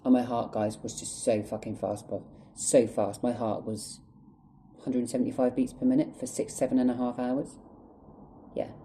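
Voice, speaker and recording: A man's voice: medium pitch, level tone, normal speed, mellow, a little hiss or hum, low-quality recording. Angry tearful man venting. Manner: angry, emotional, heavy swearing. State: close to tears. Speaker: vlogger. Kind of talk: storytime vlog monologue.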